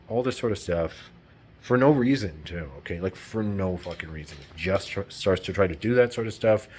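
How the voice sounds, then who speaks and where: A low-voiced man talks straight to his audience in a loose, rambling vlog monologue. He is emphatic and swears often. There is a faint hiss in the background. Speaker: vlogger. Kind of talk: casual monologue to camera.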